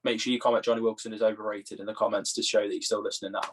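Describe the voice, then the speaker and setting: A young English man co-hosting a podcast in casual, teasing banter, quick to laugh at his own jokes. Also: fairly low pitch, level tone. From England. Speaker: podcast co-host.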